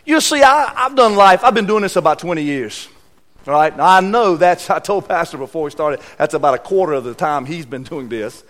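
Male guest preacher, high voice, emphatic church sermon, loud bursts and quiet asides. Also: expressive, brisk. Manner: emphatic, repeats key words, swings between loud and hushed. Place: church sanctuary.

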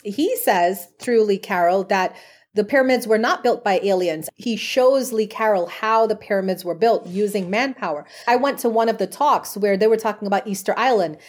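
A woman talks as a guest on a podcast, her voice sitting at an ordinary middle pitch. She tells her stories in an earnest, chatty way, sprinkling in casual fillers as she goes. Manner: earnest storytelling with frequent "like" fillers. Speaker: podcast guest, medium and past life regression therapist. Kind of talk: conversational interview answers.

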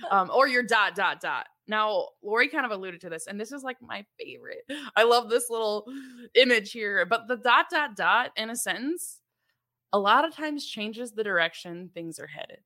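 Chatty young woman cohost, bright clear voice, laughs a lot while explaining. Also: mid-range voice, lively intonation, normal speed. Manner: chatty, laughs often, many fillers. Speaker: podcast co-host. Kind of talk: casual conversational explaining.

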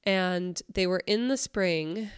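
A podcast co-host, a woman with a lowish, smooth voice, speaks slowly as she casually retells a creepy story, her phrasing loose and full of "like" and "I don't know." The studio-quality recording has no room sound.

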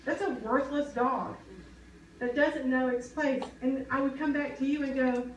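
A woman's voice: sits high, fairly even intonation, a little slow, slight background noise. A woman preaching a sermon, earnest and conversational, often asking the congregation questions. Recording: echoey hall, mic at a distance.

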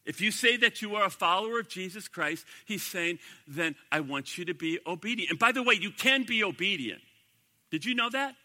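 A man's voice: sits high, animated, a little fast, sharp tone, in a large hall. A man preaching a sermon as pastor, emphatic and repeating his key phrases.

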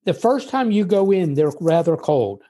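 Mellow-voiced older American man telling stories. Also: sits high, sing-song. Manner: measured, explanatory, tells anecdotes. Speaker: guest. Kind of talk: conversational interview storytelling.

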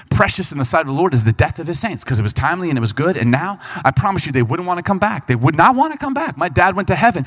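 A man preaching a sermon, reading scripture and breaking into quick acted asides as the people he talks about. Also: sits high. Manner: animated preaching, voices Bible figures and people in quick asides. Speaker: pastor.

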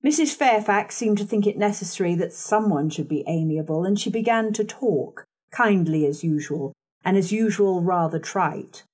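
A woman narrating a classic novel in the first person with a measured, composed reading. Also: medium pitch, warm tone. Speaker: audiobook narrator.

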